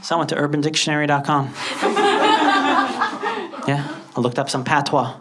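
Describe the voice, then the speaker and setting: A man from Lebanon doing an animated stand-up comedy set, often leaping into high put-on voices. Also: normal speed. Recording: loud background noise.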